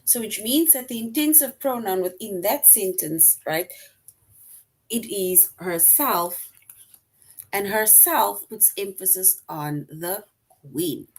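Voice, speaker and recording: A woman's voice: mid-range voice, lively intonation, slow pace, husky, poor audio. A woman teaching a recorded grammar lesson, explaining step by step, repeating her example sentences and often checking in with "right?".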